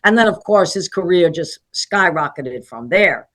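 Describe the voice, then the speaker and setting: A woman's voice: on the low side, unhurried. A woman in her sixties from New Jersey with a New Jersey and New York City accent, chatting as an interview guest and telling stories. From New Jersey, USA. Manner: chatty, animated storytelling with many "okay?" asides. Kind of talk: casual interview chat.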